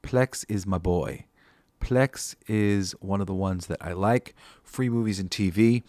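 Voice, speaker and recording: A man hosts a podcast in casual, rambling talk, thinking aloud with lots of fillers and swearing freely. His voice sits low and mellow, his pace unhurried, with no room sound.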